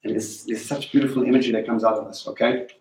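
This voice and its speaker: A man preaching a sermon in an animated way, swinging between loud and hushed, and speaking directly to the people in the room. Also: mid-range voice, quick pace. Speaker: teacher. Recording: echoey room.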